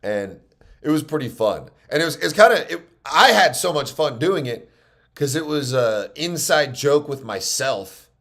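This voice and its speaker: A man's voice: a little high, very animated, unhurried, sharp tone. A man with a New York accent, a stand-up comedian telling stories in a casual, rambling monologue, mocking himself and often restarting his sentences.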